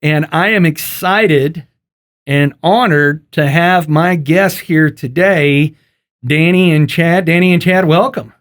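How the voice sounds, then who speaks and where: A man's voice: on the high side, slow pace, a bit bright. A man hosting a casual podcast interview, folksy and joking. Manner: folksy and joking, loose with fillers. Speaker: podcast host.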